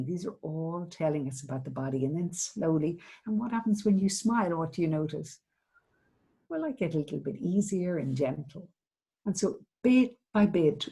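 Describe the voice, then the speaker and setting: A middle-aged woman therapist from Ireland giving a seminar talk, speaking gently and reflectively with hesitant restarts. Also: sits low, husky, low-quality recording. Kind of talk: seminar talk, answering a question.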